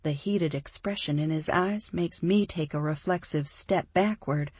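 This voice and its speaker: A woman narrating a first-person romance audiobook, expressive and emphatic in the heroine's lines. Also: deep voice, measured pace, few pauses, breathy edge, no room sound.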